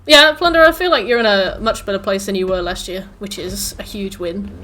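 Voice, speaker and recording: A woman's voice: medium pitch, a little fast, bright, forceful tone, slight background noise. Rambling woman streamer. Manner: rambling and chatty, full of "like" and "um". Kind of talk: casual chat with viewers while gaming.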